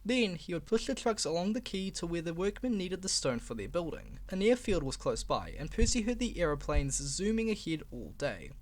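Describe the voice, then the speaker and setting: A man reading a children's storybook aloud in a lively, expressive way. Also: sits high, normal speed, hardly any pauses. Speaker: reader.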